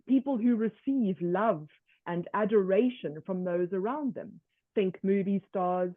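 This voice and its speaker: A woman presenting a workshop lecture in a measured way, often slipping into first-person examples. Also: medium pitch, no room sound. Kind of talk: online lecture. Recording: tinny dry call audio.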